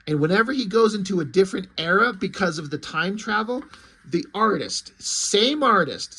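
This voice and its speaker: A man casually reading through a comic book and reacting to it, excitable and swearing freely, often trailing off and restarting. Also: sits high, breathy edge.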